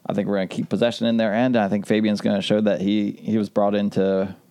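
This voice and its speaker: Male podcast host, low and warm, easygoing banter, runs the show. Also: level tone, fast talker. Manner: upbeat, joking, leads the segments. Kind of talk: casual sports podcast chat.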